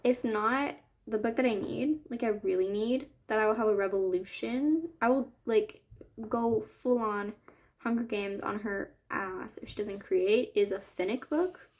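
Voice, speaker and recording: Young female book vlogger, slightly high voice, gushing, rambling casual chat. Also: a little slow, a little mellow. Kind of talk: casual chat while making a digital journal.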